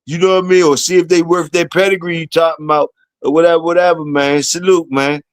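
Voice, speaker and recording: A man's voice: fairly high pitch, level tone, fast talker, smooth, no echo. A man hosting a casual stream, loose and cussing, a little tipsy. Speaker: stream host. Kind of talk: casual chat.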